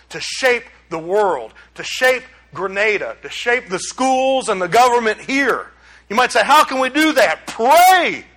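A man with a high, ringing voice preaches with a drawl. He sounds middle-aged, talking to his congregation in a folksy, plain-spoken way and pushing his points home with loud, emphatic bursts. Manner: folksy and emphatic, with rising exclamations. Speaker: pastor. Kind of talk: sermon.

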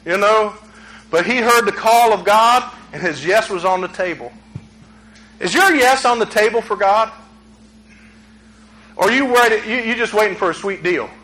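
Male pastor, high bright voice, chatty sermon delivery that builds to shouting. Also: lively intonation, moderate pace, pauses often, rough recording. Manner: conversational preaching, rising to shouts.

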